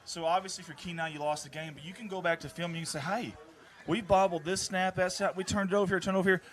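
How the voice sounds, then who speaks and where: A man hosting a live stream, talking earnestly after a high school football game. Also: fairly even intonation, fast. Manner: warm, earnest, repeats himself. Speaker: stream host. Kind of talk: casual postgame chat.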